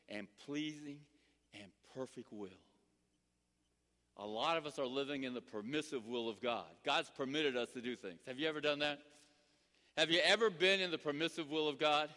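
Dramatic man preaching in a reverberant hall. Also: fairly high pitch. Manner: dramatic, swings from loud to hushed, acts out quotes. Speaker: pastor. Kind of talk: sermon.

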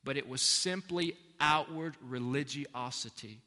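A pastor preaching a sermon, earnest and emphatic, repeating key phrases for weight. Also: male voice, mid-range voice, measured pace, bright, forceful tone. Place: church sanctuary. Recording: long reverb of a large hall.

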